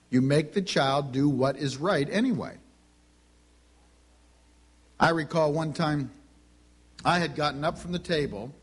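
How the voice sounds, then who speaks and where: Husky-voiced man telling a sermon story. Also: fairly high pitch. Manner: folksy anecdotal storytelling, acting out dialogue. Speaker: preacher.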